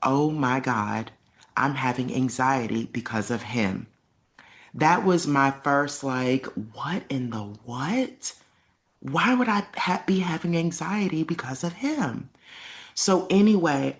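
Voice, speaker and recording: Speaking with a bass voice, a young woman vlogger recounts something that happened to her, casual and emphatic, performing the quoted lines as she goes.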